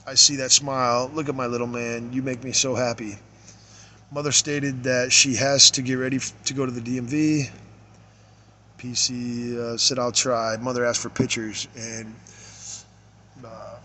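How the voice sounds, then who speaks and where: A man reads case notes aloud and stops to comment, with middling pitch and plenty of fillers. He often trails off into quiet asides. A faint noise sits behind him. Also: little pitch movement, normal speed. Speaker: father reading case notes. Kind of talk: reading documents aloud with commentary.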